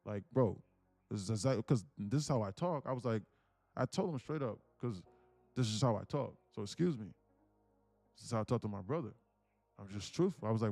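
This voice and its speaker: A young man livestreaming, telling a family story in a blunt, animated rant and saying "bro" constantly. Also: on the low side, a little fast, long pauses, no room sound, faint music behind. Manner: blunt, repeats "bro" constantly, grows louder and more insistent. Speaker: livestream day trader.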